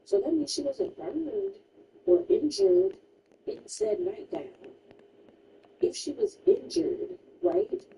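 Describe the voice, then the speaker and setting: A woman's voice: extremely high pitch, creaky, distant mic, noisy background. A woman streamer casually retelling a true crime story while gaming, emphatic and chatty, full of "like" asides.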